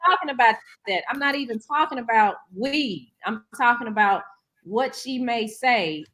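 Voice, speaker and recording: Female panelist, earnest explainer, higher pitch. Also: moderate pace, fairly bright tone. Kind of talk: panel discussion.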